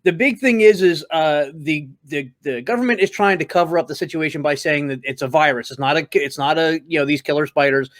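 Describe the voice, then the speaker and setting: A man with a high-pitched voice co-hosts a casual movie review podcast. He talks wryly and often stumbles and restarts his sentences. The recording is dry and close, with no room sound. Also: a little fast, few pauses, no room sound. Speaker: podcast co-host.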